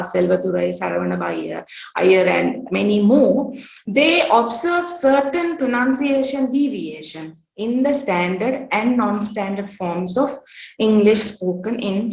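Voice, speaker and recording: A woman giving an academic workshop presentation at a conference. She speaks in a measured way, often pausing on "uh" and "um". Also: medium pitch, gravelly. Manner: measured, with frequent "uh" pauses. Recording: roomy echo.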